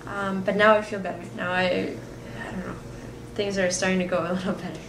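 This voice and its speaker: Raspy woman vlogging in an echoey room. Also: mid-range voice, little pitch movement, a little fast, background noise. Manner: chatty, candid, talks to viewers directly. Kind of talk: casual video diary.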